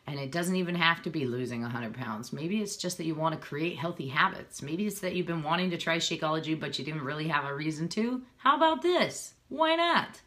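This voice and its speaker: This thirty-something fitness coach speaks fast with hardly any pauses, her low-pitched voice carrying a fairly bright tone. She talks casually and earnestly to viewers on live video, persuasive and a touch emotional, captured on a phone or webcam.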